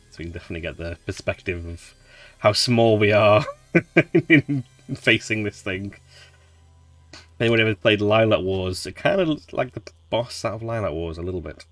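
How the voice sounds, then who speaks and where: A man with a low voice hosts a laid-back game playthrough. He talks in a chatty, rambling way and laughs often, while quiet game music plays faintly in the background. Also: no echo. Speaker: let's play host. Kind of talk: relaxed gameplay commentary.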